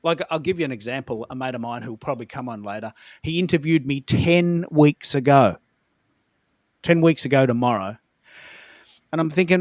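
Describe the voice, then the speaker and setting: A man co-hosting a casual podcast chat, telling stories in an animated, emphatic way. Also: mid-range voice, normal speed, dry recording, studio quality. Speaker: co-host.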